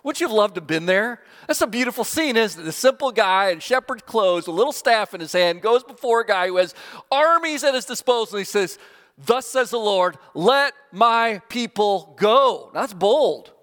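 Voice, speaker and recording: A man preaching a sermon, animated, with speech that climbs to high emphatic peaks and falls low at phrase ends, chuckling now and then. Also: a little fast, big-room sound. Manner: chuckles now and then while telling stories.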